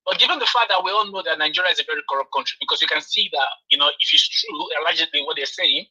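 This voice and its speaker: Hesitant man caller, bright tone. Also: on the high side, racing, slightly rough, poor audio. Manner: hesitant, many fillers and restarts. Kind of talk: call-in comment.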